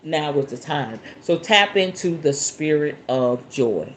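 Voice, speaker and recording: Low-voiced Southern woman, chatty and folksy. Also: expressive, measured pace. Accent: Southern American. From Southern United States. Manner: chatty and folksy, calls listeners y'all and baby, bursts of laughter. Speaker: spiritualist host. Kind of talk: casual live talk answering viewer questions.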